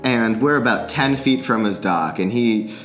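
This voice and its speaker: A man's voice: mid-range voice, measured pace, fairly bright tone, faint music behind. A man telling a long story in a casual podcast chat, swearing freely and laughing often. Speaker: podcast guest, musician.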